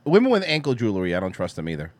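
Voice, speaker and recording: A man's voice: fairly low pitch, huge pitch swings, racing. A man co-hosting a podcast, bantering crudely and mocking a video clip he is reacting to. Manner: mocking, repetitive, talks over clips. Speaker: podcast co-host.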